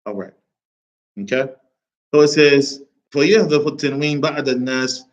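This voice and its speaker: A man with an American accent teaching an Arabic lesson to a small class, lively and often checking that everyone follows. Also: medium pitch, fast talker, poor audio. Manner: lively, mixes English with Arabic reading, checks understanding often.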